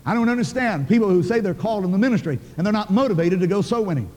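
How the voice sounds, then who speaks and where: Older man, preacher, folksy and emphatic, rapid delivery, reverberant hall. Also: high voice, animated, darkish tone. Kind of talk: sermon storytelling.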